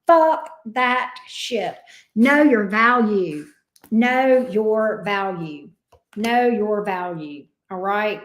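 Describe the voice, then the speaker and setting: A woman's voice: medium pitch, expressive, extremely slow, reverberant. A woman giving a casual tarot reading, talking bluntly, swearing freely and getting worked up. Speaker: tarot reader.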